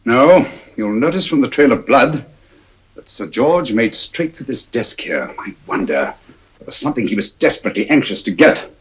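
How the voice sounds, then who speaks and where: An actor playing a cool, precise middle-aged detective in a 1940s film, speaking in clipped, deductive sentences. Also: male voice, mid-range voice, big pitch swings, moderate pace, breathy edge. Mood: calm, probing. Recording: dull old film soundtrack.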